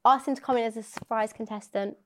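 A young woman guest talks very fast in a casual podcast chat. Her voice is a little high. She is animated and swears freely as she tells stories.

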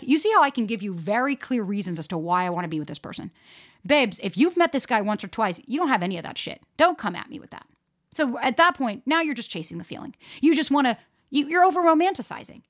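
A young woman hosting a solo dating-advice podcast, talking frankly and swearing freely as she speaks straight to her listeners. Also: mid-range voice. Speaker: dating coach podcast host. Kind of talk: casual solo podcast talk.

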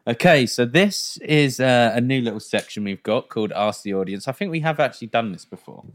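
A man's voice: medium pitch, expressive, a little fast. A young man hosting a podcast, chatting casually and reading out audience stories, teasing and laughing often. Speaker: podcast host.

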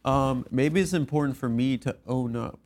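A man's voice: medium pitch, moderate pace, darkish tone. A man co-hosting a podcast, teasing and pushing back in casual comedic banter. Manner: teasing, pushy. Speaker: podcast co-host.

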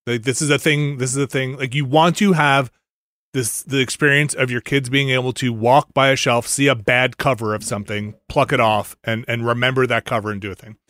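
Bright-voiced man hosting a podcast. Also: medium pitch, fairly quick, dry recording, clean studio sound. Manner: animated, joking, rambling with fillers. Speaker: podcast host. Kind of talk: casual podcast chat.

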